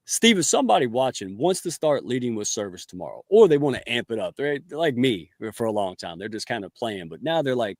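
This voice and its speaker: A folksy, enthusiastic man hosting a podcast interview, given to homespun turns of phrase. His voice sits at an average pitch, recorded dry and close with no room sound. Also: very animated, a little fast, hardly any pauses, no room sound. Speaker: podcast host.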